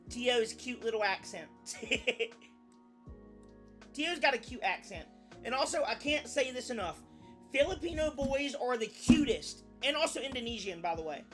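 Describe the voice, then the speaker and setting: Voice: high-pitched, fairly bright tone. A young adult VTuber chatting casually on a live stream, rambling, often restarting sentences and swearing now and then.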